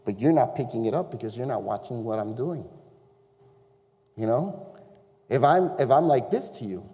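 A man's voice: medium pitch, warm tone, big-room sound. A man who is a chaplain, preaching a sermon in a conversational way and often checking in with the congregation. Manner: conversational, asks the congregation questions. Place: church sanctuary.

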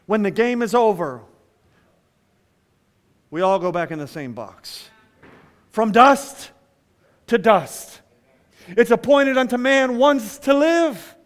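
A man preaching a sermon as pastor, swinging between loud emphatic lines and hushed asides. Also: extremely high pitch, expressive, slow pace, long pauses, long reverb tail.

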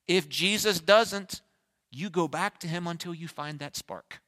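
A man preaching an energetic Easter sermon as pastor, shifting between loud fervent bursts and quiet, reflective asides. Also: high-pitched, normal speed. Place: large church sanctuary. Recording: long church hall reverb.

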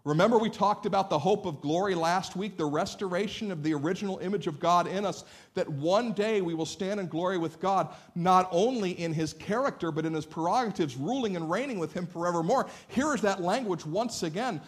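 A man from Northeast Ohio preaching a sermon to a church congregation, telling animated stories and asking the listeners questions. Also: sits high, fairly quick, hardly any pauses. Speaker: pastor. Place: church sanctuary.

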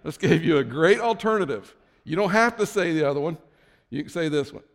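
A man's voice: a little high, expressive, fairly quick, long reverb tail. A man preaching a sermon as pastor, conversational, with frequent restarts and asides.

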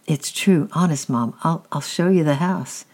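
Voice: medium pitch, unhurried, darkish tone, pitched above the performer's own voice. A sullen young schoolboy from a storybook, muttering his answers close to the reader's plain voice, as the narrator voices him. He sounds evasive and a little defensive.

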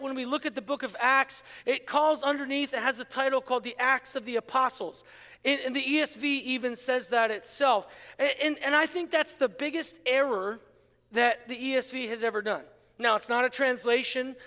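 A middle-aged man from Pittsburgh preaching a sermon, telling a story with lively asides and frequent "right?" to the congregation. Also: extremely high pitch. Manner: storytelling, animated, asks audience "right?". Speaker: pastor. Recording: hall with long reverb.

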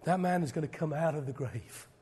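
A middle-aged man preaching a sermon, swinging from loud declarations to hushed, almost whispered lines. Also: on the high side, fairly quick, husky.

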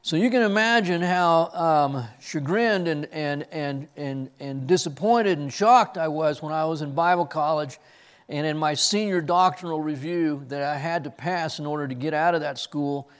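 A man's voice: on the high side, moderate pace, smooth. A man preaching an expository sermon, earnest, who often repeats words as he searches for the next ones. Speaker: pastor. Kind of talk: expository sermon with personal story.

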